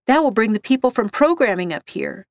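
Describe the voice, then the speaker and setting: A woman's voice: on the high side, sing-song, brisk, no echo, clean studio sound. A woman voicing Mary, a practical woman coworker who questions and pleads. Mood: urgent.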